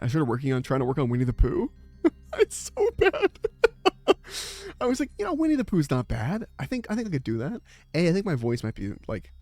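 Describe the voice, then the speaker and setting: A man's voice: mid-range voice, a little mellow. Rambling, chatty man streaming live. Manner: rambling, chatty, lots of fillers and laughs. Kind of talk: casual live-stream chat.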